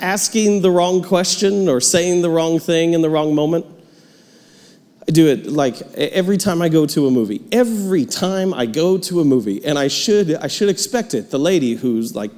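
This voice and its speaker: A man's voice: fairly high pitch, big-room sound. A man preaching a sermon as pastor in a church, cheerful and storytelling. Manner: cheerful, animated storytelling with laughs. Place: church sanctuary.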